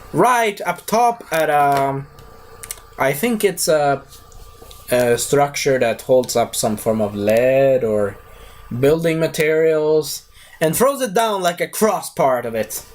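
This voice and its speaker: A young man reviewing a cartoon series in a loose, chatty, digressive way. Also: fairly high pitch. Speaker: video reviewer. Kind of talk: casual rambling review.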